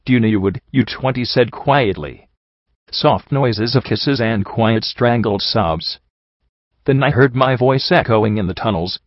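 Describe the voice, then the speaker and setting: A man reading a story as narration in an even, measured way. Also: mid-range voice, dry recording. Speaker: audiobook reader. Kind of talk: scripted narration. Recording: dull dry recording.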